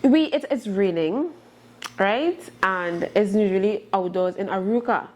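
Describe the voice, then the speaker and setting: A woman, talking casually with her husband about an argument, lively and often laughing. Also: medium pitch, a little slow. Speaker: co-host, wife. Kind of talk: casual conversation.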